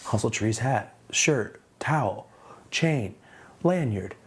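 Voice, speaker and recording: A man's voice: slow, slightly rough. A young man telling a casual story about running his streetwear brand, slangy and laid-back, acting out his own lines with big jumps in his voice. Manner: animated, acts out his own quotes with big pitch jumps.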